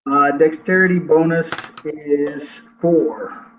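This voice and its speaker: A man taking his turn in a tabletop game, laying out his character's moves slowly and deliberately. His voice is a bit high for a man and sounds set back from a dull, muffled mic. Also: steady tone, recorded from a distance, slight background noise. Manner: deliberate, describes actions step by step. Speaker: player. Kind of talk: tabletop role-play.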